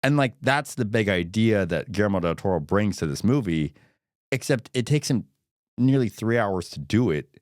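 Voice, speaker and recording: Podcast co-host, man, low voice, dry close sound, animated and quick with restarts. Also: no room sound. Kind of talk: casual film discussion.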